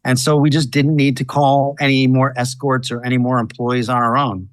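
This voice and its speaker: A man who is a defense lawyer, telling the story of his case in measured interview answers. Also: mid-range voice, flat delivery, no echo.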